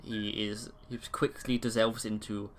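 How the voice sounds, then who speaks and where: A man's voice: on the low side, flat delivery, unhurried, slight background noise. A man narrating a tabletop horror game as game master in a casual, loose way. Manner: casual, laughs easily, loose descriptive narration.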